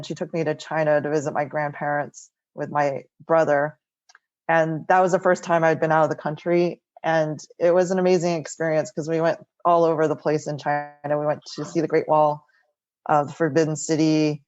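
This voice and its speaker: A woman's voice: low voice, a little mellow, muffled recording. A middle-aged woman architect telling stories from her life in a casual interview, often tagging sentences with "like" and "right?". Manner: chatty, many "like" and "right?" tags. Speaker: architect guest. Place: home, remote interview.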